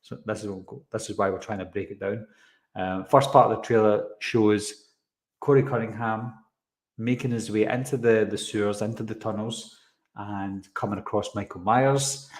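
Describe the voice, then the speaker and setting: A man's voice: on the low side, fairly even intonation, moderate pace. A man hosting a live stream, chatting casually as he breaks down a trailer. He rambles, drifts onto tangents and answers chat comments along the way. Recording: roomy echoey room sound.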